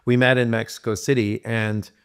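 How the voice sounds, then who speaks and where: A man being interviewed, telling long stories in a rambling, animated way with many restarts. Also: mid-range voice, moderate pace, clear, resonant tone. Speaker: guest. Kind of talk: casual interview storytelling.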